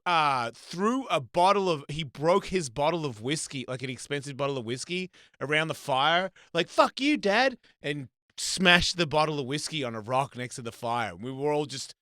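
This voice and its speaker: A man's voice: a little high, moderate pace, hardly any pauses, no echo, studio quality. Crude, rambling male host. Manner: crude, rambling storyteller with loud quoted voices. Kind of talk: casual live-stream chat.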